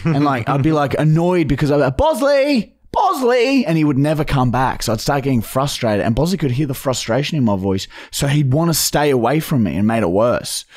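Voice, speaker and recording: A man co-hosting a podcast, telling stories in a casual, animated way and swearing constantly. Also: mid-range voice, fast, few pauses, no room sound, clean studio sound. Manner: profane, animated storyteller. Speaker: podcast co-host. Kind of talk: casual chat.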